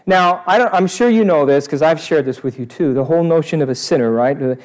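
A man preaching a sermon to a live congregation, animated and asking them questions. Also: fairly high pitch, fairly quick. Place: church service before a congregation.

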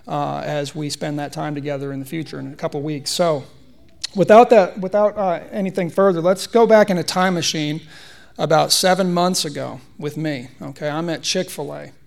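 A man's voice: on the high side, steady tone, brisk, creaky. A man in his thirties giving a conversational, humorous sermon in a church, telling a personal story. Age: 30s. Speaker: preacher.

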